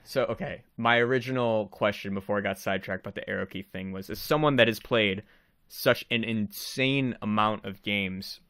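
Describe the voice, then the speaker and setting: A man hosting a casual podcast chat, animated and laughing often as he rambles through his questions. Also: on the low side, normal speed, clear, resonant tone, dry recording, studio quality. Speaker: podcast host and game developer.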